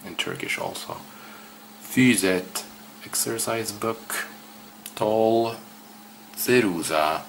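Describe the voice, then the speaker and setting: Slow, low-voiced man. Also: gravelly, fairly bright tone, a little hiss or hum. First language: Swedish. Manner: hesitant, repeats words aloud slowly. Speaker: language learner. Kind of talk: casual self-study walkthrough.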